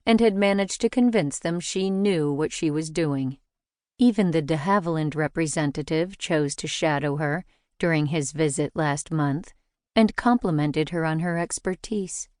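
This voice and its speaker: A woman narrating a mystery novel in a measured, even storytelling delivery. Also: sits low, no room sound, clean studio sound. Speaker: audiobook narrator. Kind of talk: scripted narration.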